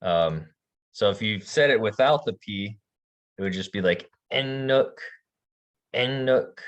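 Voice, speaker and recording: A man teaching a language class, relaxed, slowly demonstrating sounds with soft laughs. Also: on the low side, dull audio. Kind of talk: online language lesson.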